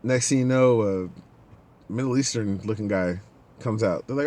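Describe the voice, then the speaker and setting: At a measured pace and fairly low pitch, a man on a podcast relates a casual story. He animatedly impersonates the people he describes.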